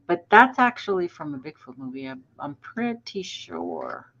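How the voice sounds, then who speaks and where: A woman co-hosting a podcast, talking casually and brisk, sounding exasperated. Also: fairly low pitch, wildly swooping pitch, creaky, fairly bright tone, dull audio. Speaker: podcast co-host.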